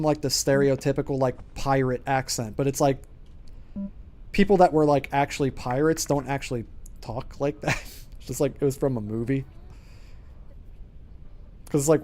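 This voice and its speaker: A man's voice: mid-range voice, moderate pace, pauses often, a little mellow. A man streaming a game, chatting casually and rambling with lots of filler words. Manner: rambling, filler-heavy chatter with frequent laughs. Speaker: gaming streamer. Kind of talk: casual gaming commentary.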